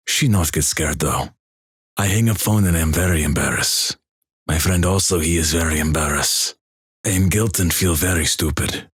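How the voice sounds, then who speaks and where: A man's voice: low voice, slightly rough, dry recording, clean studio sound. A man voicing a guilt-ridden young male Russian student who speaks broken English in a thick put-on Russian accent, read as a comedy story. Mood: ashamed. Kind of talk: comedic reading of a first-person story.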